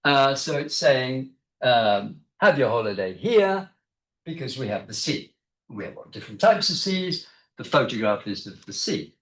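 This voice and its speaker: A man's voice: medium pitch, expressive, measured pace, fairly bright tone. A man giving an academic seminar talk as a guest lecturer, explaining in a conversational way with frequent hesitations, recorded in a seminar room. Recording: echoey room.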